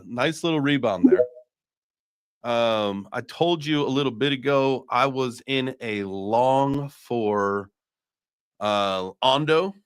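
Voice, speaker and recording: A man's voice: mid-range voice, clean tone. A man hosting a casual live-stream chat, hyping up his audience and joking around while swearing freely. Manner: hype, playful, swears casually. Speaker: host.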